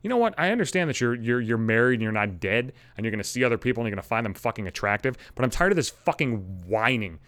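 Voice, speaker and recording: Alone in his home apartment, a podcast host delivers a solo rant into a studio microphone, blunt and swearing nonstop as he vents. His middle-pitched, fairly bright voice swings widely in pitch and races along with hardly any pauses. The recording is dry and close, with no room sound or echo.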